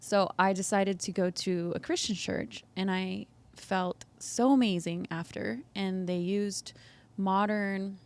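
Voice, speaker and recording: A woman in her thirties talking openly as a podcast guest, upbeat and quick to laugh, with plenty of "like". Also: mid-range voice, fairly even intonation. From United States. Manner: open, upbeat, laughs often, uses "like" a lot. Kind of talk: candid conversational interview.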